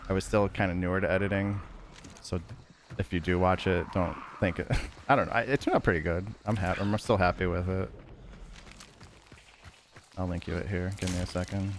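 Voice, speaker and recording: A man with a fairly low voice talks to viewers during a live game stream. His chat is casual and loose, wandering from point to point and stopping to fix his own words. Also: steady tone, moderate pace, long pauses, slight background noise. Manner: rambling, loose and self-correcting.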